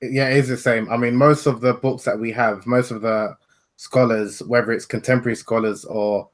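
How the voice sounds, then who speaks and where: A man from Nigeria talks as a guest author in a casual video-call interview. He sits at a middle pitch and speaks in a relaxed, frank, conversational way. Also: moderate pace.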